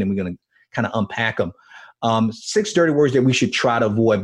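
Friendly conversational podcast host, man. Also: medium pitch. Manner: friendly, conversational, many fillers. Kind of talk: podcast interview.

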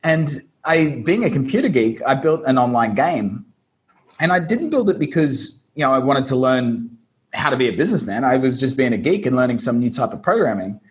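A man's voice: medium pitch, sing-song, brisk. An Australian man, a business-owner guest, telling his story in a casual, self-deprecating way over a video call. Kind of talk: casual interview.

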